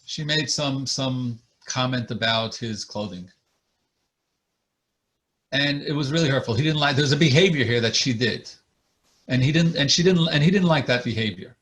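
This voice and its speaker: A man's voice: medium pitch, normal speed, fairly bright tone. A man, a marriage therapist, giving an earnest online lecture over a video call and explaining his points through acted examples.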